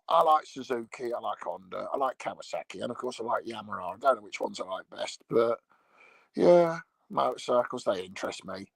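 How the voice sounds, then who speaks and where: A man's voice: mid-range voice, vocal fry, a bit bright, slightly rough, dry recording. A middle-aged English man chatting crudely and rambling to viewers while lying on a bed at home. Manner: crude, swearing, meandering. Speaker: livestream host. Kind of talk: rambling casual chat to viewers.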